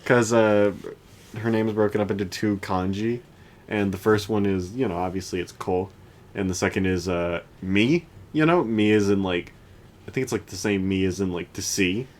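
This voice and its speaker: A man's voice: lowish voice, moderate pace. A man co-hosting a podcast, chatting casually about anime in a rambling way with lots of restarts. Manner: rambling, many restarts and fillers. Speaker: podcast co-host.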